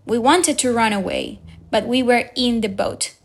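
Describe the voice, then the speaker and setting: A woman narrating a simplified adventure story in a slightly high voice. She reads at a very unhurried pace, with each sentence set out plainly. Her voice rises for the quoted lines. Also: vocal fry. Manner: slow, even storytelling read with raised voices for quoted lines. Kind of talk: scripted audiobook narration.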